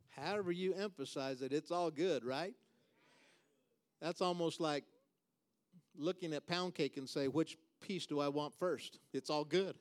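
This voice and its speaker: A man preaching a sermon as pastor. He builds to loud, emphatic, repeated refrains and then drops to a soft, quiet voice for prayer. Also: unhurried. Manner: preaching with dramatic swings in pitch and volume.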